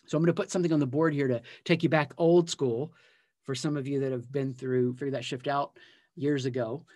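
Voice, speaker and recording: A man's voice: medium pitch, slightly rough, no room sound, studio quality. A man teaching a live personal growth session in an emphatic style, repeating key phrases and building energy as he goes. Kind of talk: live motivational teaching talk. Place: live community event.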